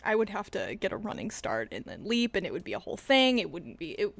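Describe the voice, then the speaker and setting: A woman streaming political commentary, sarcastic and profane, dropping to mutters and rising to loud rants. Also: medium pitch, big pitch swings, fast talker, creaky. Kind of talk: casual livestream commentary.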